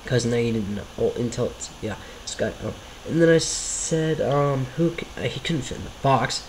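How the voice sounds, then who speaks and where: A man talks through his own homemade videos in a loose, rambling way, apologizing for his mistakes as he goes. His voice sits at an ordinary middle pitch, and a faint hiss runs under the recording. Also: animated, moderate pace, poor audio. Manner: rambling, self-deprecating, apologetic. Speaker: video creator commenting on his own series. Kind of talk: casual commentary over his own videos.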